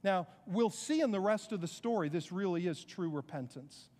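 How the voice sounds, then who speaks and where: A man preaching a sermon as pastor, earnest and conversational, with quick asides to the congregation. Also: sits high, animated, a little mellow, in a large hall.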